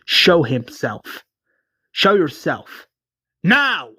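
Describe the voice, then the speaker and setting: A man's voice: a little high, lively intonation, unhurried, vocal fry, no room sound, voice pushed up, exaggerated voice. A man voicing a wary, swearing survivor leader. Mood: distrustful. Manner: blunt, swearing, distrustful.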